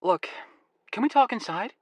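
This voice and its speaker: A man's voice: expressive, normal speed, darkish tone, breathy edge, no room sound. A man voicing a persistent, friendly young woman with an American accent, in a breezy, coaxing manner. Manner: breezy, coaxing, lifted pitch.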